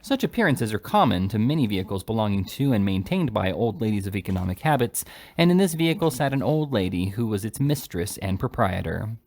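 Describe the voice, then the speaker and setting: A man reading a classic novel aloud in an expressive storytelling manner. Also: on the low side, a little fast. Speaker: audiobook reader.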